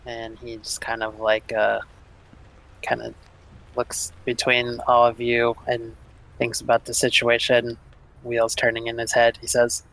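A man's voice: mid-range voice, monotone, unhurried, a bit bright, rough recording. A man narrating casually as game master, with loose phrasing and fillers.

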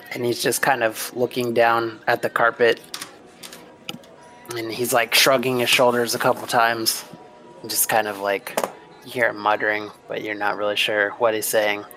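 A man's voice: medium pitch, fairly bright tone, low-quality recording. A man narrating a tabletop game as game master, loose and rambling with many fillers.

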